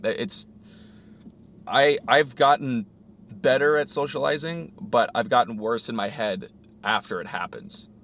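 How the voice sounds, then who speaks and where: A man hosting a relaxed, casual conversation, easygoing and casual with his swearing. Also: mid-range voice, measured pace, slight background noise. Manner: laid-back, swears casually, acts out little scenes. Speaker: host.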